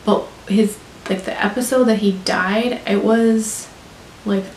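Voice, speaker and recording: A woman's voice: medium pitch, fairly even intonation, measured pace, darkish tone. A young American woman chatting in a gushing, talkative way, full of "like", as a beauty vlogger. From United States. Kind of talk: casual chat. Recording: roomy with faint hiss.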